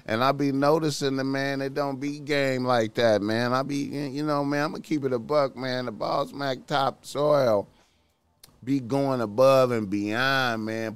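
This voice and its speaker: A man hosting his own podcast talks in a loose, repetitive way, dropping "man" into nearly every line. His mid-pitched voice is smooth and resonant. It sits dry and close on the mic as he hands out shout-outs and preachy street advice. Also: dry recording. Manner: loose, repetitive delivery with constant "man" fillers. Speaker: podcast host. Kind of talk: casual livestream talk giving chat shout-outs.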